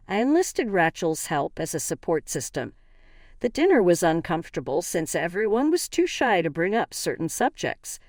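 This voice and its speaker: A woman tells a dramatic family story in the first person, and her fairly low voice rises and falls a great deal. The recording is dry and close, with no room sound around her. Her delivery leans into the emotion of each scene. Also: big pitch swings, normal speed, no room sound. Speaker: narrator.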